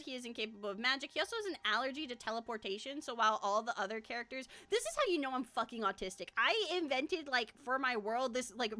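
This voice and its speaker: A woman's voice: high voice, bright, forceful tone. A woman streamer chatting casually about her own characters, rambling with lots of fillers and frequent laughter.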